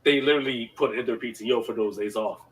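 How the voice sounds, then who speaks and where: A man's voice: mid-range voice, fast, far from the mic, slight background noise, poor audio. A man telling a work story in casual podcast chat, laughing often and filling his talk with slang and fillers. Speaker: podcast co-host.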